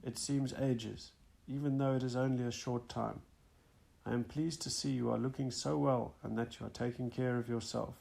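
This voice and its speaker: Man voicing proud spirit mother, affectionate, forthright, gravelly, audiobook. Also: medium pitch, fairly even intonation, moderate pace, a little mellow.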